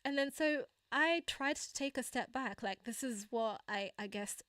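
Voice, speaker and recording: A woman's voice: moderate pace, a bit bright, no room sound, clean studio sound. A young woman hosting a livestream, casually telling a personal story with many fillers, laughs and acted-out quotes. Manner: chatty, laughing often, frequent fillers and asides; acts out quoted dialogue in a higher voice. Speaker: channel host.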